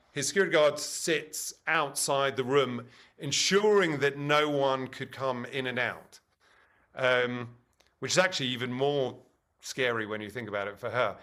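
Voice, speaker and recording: A man from England telling a comic anecdote as an interview guest and acting out the other people's lines. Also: medium pitch. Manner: animated storyteller who acts out other people's lines.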